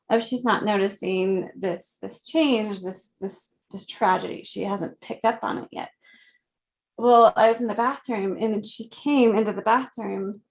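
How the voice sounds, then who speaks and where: A woman in her thirties, a guest in an interview, speaking gently and reflectively, with frequent soft laughs. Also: medium pitch. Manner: slow, gentle, reflective, laughs softly often. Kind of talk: conversational interview.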